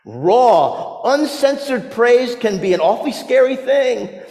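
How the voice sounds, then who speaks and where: A man preaching a sermon in a church, animated and humorous, acting out quoted lines with dramatic flair. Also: very high voice, takes it slowly. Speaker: pastor. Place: church sanctuary. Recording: echoey church sanctuary with long reverb.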